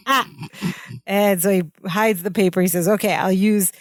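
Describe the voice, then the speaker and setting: A woman's voice: mid-range voice, steady tone, normal speed, darkish tone, no echo, studio quality. A woman co-hosting a podcast, casually recapping a sitcom episode and mimicking the characters' lines and reactions. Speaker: podcast co-host.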